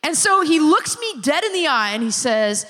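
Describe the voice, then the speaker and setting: Woman preaching her testimony, high voice, big echoey hall, acts out everybody in her story. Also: normal speed. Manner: lively storyteller who acts out the people she quotes. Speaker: speaker giving a church testimony. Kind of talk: sermon-style personal testimony. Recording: long reverb of a large hall.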